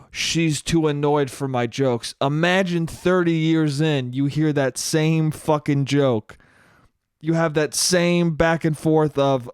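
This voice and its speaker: A man's voice: a little high, clean tone, dry recording, clean studio sound. A man hosting a solo podcast, telling comic stories and acting out quoted voices, swearing casually. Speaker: podcast host. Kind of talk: solo comedic monologue.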